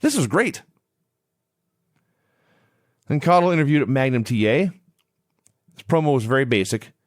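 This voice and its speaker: A man's voice: mid-range voice, animated, a little slow, dry recording. Dry-voiced man recapping wrestling. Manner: chatty, recaps matches and promos play by play. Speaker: podcast co-host. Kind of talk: casual chat recapping old wrestling.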